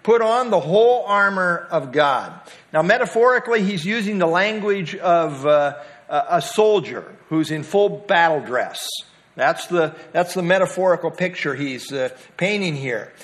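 Man teaching a Bible study, slightly high voice. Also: expressive, measured pace, fairly bright tone. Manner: conversational, many fillers, stresses key words. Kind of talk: Bible teaching to a small group.

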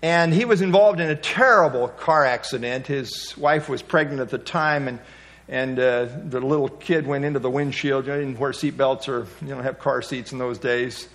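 A man's voice: medium pitch, moderate pace, fairly bright tone. A man preaching a sermon, telling stories in a conversational, folksy way and rising emphatically on key points. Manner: conversational storytelling, folksy asides. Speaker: pastor.

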